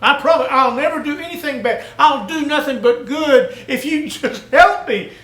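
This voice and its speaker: A man's voice: extremely high pitch, moderate pace, sharp tone, reverberant, pitched above the performer's own voice. A man voicing a panicked man who clings to a branch over a cliff and screams for help. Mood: frantic pleading. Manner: screaming, begging, breathless promises.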